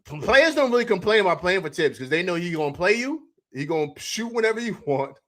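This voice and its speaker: A man with a high-sitting, very animated voice that's fast and a bit bright hosts a casual live sports talk stream. He keeps it loose and chatty, repeats himself, laughs often, and reads viewer comments from chat aloud.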